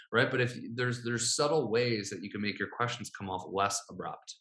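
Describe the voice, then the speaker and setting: Upbeat man coaching in a bright, echoey room. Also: on the low side, brisk, hardly any pauses. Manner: upbeat, often asks "right?" to check in. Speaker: sales coach. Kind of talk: teaching a sales script.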